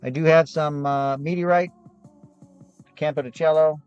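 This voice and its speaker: A hoarse man, losing his voice, hosts a live gem and fossil sales show in a rambling, chatty way with frequent restarts. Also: a little high, steady tone, unhurried, a little mellow, lo-fi sound, faint music behind. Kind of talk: casual live-stream sales chat.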